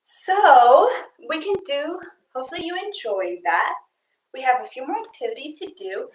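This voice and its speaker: A young woman coach leading girls through an online exercise game, counting reps out loud in an upbeat way. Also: high-pitched, animated, moderate pace, roomy sound, low-quality recording. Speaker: youth sports coach.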